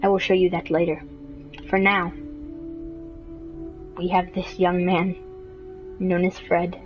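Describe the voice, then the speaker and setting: A woman narrating a mock nature documentary with deadpan, absurd humor. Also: on the low side, takes it slowly, lo-fi sound, faint music behind. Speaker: video creator.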